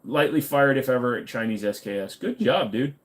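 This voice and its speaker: A man hosting a livestream, answering chat in a casual, blunt manner. He swears freely and slips into rants. His voice sits at an ordinary middle pitch. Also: lively intonation, a little fast. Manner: blunt, profane, ranting. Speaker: livestream host reading chat.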